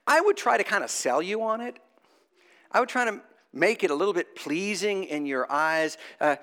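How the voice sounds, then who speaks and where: Male preacher, slightly high voice, animated conversational sermon. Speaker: priest.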